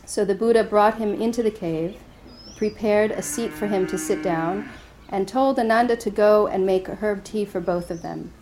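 A woman meditation teacher giving a dharma talk and telling a story in a gentle, hesitant way, with easy laughter. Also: mid-range voice, moderate pace, few pauses, slight background noise, low-quality recording.

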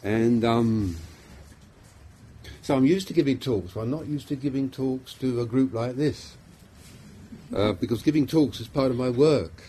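A man's voice: medium pitch, a little slow, dark tone, a little hiss or hum. A middle-aged man with a London accent, a psychiatrist giving an informal, self-deprecating talk to a small group, full of fillers and restarts. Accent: London English.

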